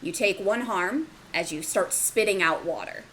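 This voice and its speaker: A woman running a tabletop role-playing game as game master, narrating scenes in a measured way with pauses. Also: mid-range voice, animated, fairly bright tone, slight background noise, low-quality recording.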